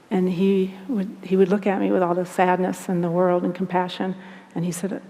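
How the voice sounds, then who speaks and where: A woman earnestly recounting personal experiences, speaking in a halting, reflective way. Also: fairly low pitch, flat delivery, warm tone, a little hiss or hum. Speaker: guest recounting abduction experiences. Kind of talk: personal storytelling. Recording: long hall reverb.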